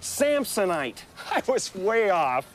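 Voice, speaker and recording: A man's voice: high voice, sing-song, slow, exaggerated voice. Goofy dim-witted young guy. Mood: dopey. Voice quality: goofy, singsong. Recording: film trailer with loud music.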